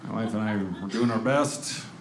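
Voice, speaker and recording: A man doing a stand-up comedy routine on stage, telling sarcastic, deadpan stories and acting out the people in them. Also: lowish voice, normal speed, background noise. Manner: deadpan, sarcastic storytelling with acted-out quotes. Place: comedy club stage before a live audience. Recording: stage recording with loud audience laughter.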